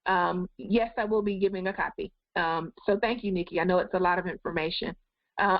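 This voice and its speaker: A woman's voice: lowish voice, steady tone, brisk, no echo. Woman life coach, encouraging webinar host, muffled dry webcam sound. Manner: encouraging, addresses viewers directly. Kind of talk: live goal-setting webinar talk.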